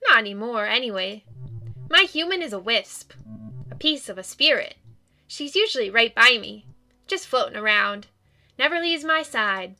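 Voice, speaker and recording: A woman's voice: on the high side, pushed and bright, exaggerated voice. A woman voicing a sweet, eager young male dog ghost in a video game, talking in a bubbly, childlike, apologetic way. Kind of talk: video game character reading.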